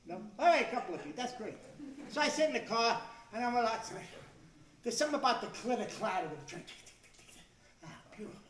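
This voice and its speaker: An older man doing stand-up, growing exasperated and shouting his punchlines. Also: extremely high pitch, expressive, fast talker, a little hiss or hum. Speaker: stand-up comedian. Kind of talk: stand-up routine. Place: club stage before a live audience. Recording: echoey room, far from the mic.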